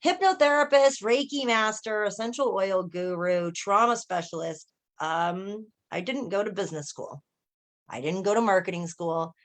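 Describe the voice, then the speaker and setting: A woman coach and healer talks through a video call in a lively, storytelling way, acting out the voices in her tales. Her voice sits at an everyday middle pitch, and she keeps checking in with her listeners as she goes. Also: normal speed. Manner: animated storyteller, often asks "right?" and acts out quoted voices. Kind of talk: casual group coaching chat on a video call.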